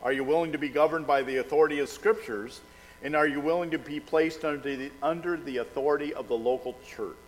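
Older man, pastor, folksy chatty delivery, slightly high voice, long church reverb. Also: fast talker, a little hiss or hum. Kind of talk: church service announcements and prayer. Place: church sanctuary.

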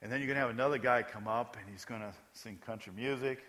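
A man preaching a sermon in a lively, conversational style, with joking asides and questions to the congregation. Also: mid-range voice, quick pace. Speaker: pastor. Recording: echoey hall.

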